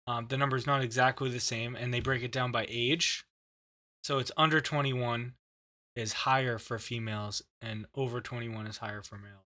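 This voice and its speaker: A man hosting a paranormal podcast in a casual chat, halting and full of fillers. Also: mid-range voice, steady tone, pushed and bright. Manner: halting, filler-heavy, laughs often. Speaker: podcast host.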